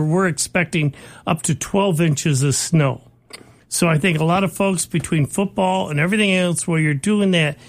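A man's voice: on the high side, vocal fry. A man co-hosting a tech talk show, giving folksy advice to listeners in a casual chat.

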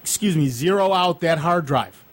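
Man, radio host, slightly high voice, rambling casual explanations, lots of ums. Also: expressive, normal speed. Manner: chatty, explains at length with frequent ums. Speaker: radio tech show host. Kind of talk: casual radio call-in chat.

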